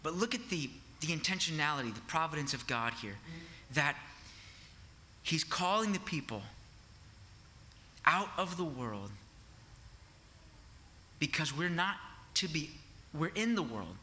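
Bright-voiced conversational male preacher. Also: a little high, big pitch swings, a little slow, pauses often, slight background noise. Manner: conversational, rhetorical questions with frequent "right?". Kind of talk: sermon.

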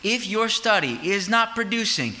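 A man's voice: high voice, big pitch swings, moderate pace, sharp tone. A man preaching a sermon as pastor, in a conversational style that keeps asking the congregation rhetorical questions.

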